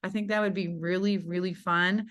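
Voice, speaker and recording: A woman's voice: lowish voice, fairly even intonation, normal speed, a bit bright. A woman hosting a podcast, effusive and casual, swearing freely and peppering her talk with "like" and "you know". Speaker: podcast host.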